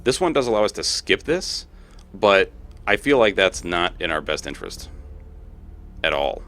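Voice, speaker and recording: Deep-voiced man thinking aloud over gameplay. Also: very animated, normal speed, a bit bright, faint music behind. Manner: talks to himself, thinking aloud, laughs often. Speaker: let's play host. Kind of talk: casual gameplay commentary.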